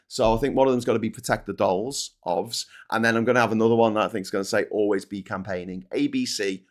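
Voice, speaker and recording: A middle-aged man with a Scouse accent, hosting a casual live news chat, reading viewer comments aloud and ranting bluntly with plenty of swearing. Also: lowish voice. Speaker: host.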